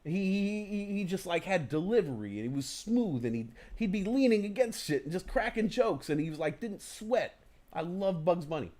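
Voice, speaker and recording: A man hosting a casual livestream talk show, telling animated stories, acting out inner voices and swearing casually. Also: sits high, moderate pace.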